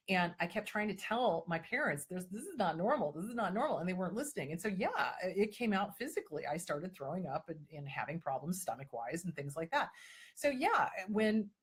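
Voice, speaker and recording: A woman with a husky voice hosts a live-stream advice talk. She speaks at a middle pitch and answers viewer questions in an emphatic, repetitive way, and now and then she puts on mocking voices to act out other people.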